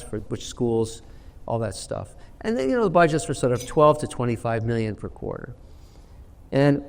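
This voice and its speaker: A man in his sixties tells business anecdotes bluntly and emphatically, in an interview setting. His voice sits at an ordinary male pitch, and the room gives it a long, lingering reverb. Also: darkish tone. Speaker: investor guest. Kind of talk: storytelling interview answer.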